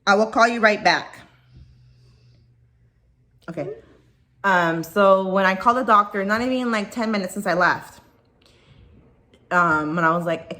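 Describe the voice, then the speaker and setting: A woman's voice: mid-range voice, moderate pace, long pauses, sharp tone. A woman vlogging from home, venting in an upset, rambling way and swearing freely. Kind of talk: casual personal vlog, venting. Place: at home, dog nearby.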